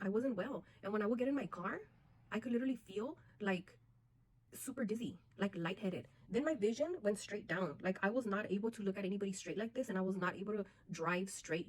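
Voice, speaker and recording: Woman vlogger, personal storytelling to camera, earnest and direct with her audience, middle pitch. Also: low-quality recording. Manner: earnest, addresses viewers as "you guys" often.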